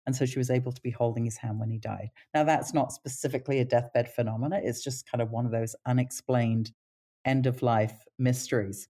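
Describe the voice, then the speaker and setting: Low mellow-voiced woman telling stories. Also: brisk. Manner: animated pitch when quoting others. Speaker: palliative care nurse. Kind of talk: casual storytelling interview.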